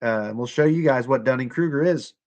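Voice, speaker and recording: A man's voice: mid-range voice, fairly quick, a little mellow. A young man hosting a casual livestream, sarcastic and profane, talking straight to his chat. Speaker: livestream host.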